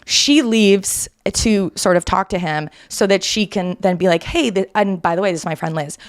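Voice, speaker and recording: A woman podcast host in casual chat, telling a story in an animated, self-deprecating way with quick asides. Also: medium pitch.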